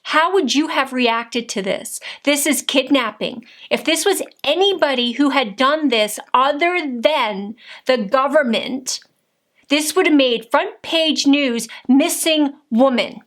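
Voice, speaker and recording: A high-pitched woman speaks straight to camera in an angry political rant. She is indignant and combative, firing rhetorical questions and direct accusations. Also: lively intonation, unhurried, fairly bright tone. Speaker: political vlogger.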